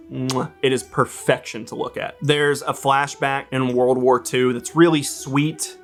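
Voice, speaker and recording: A man's voice: medium pitch, a bit bright. A man giving a casual movie review in a vlog, wry and joking, with some swearing.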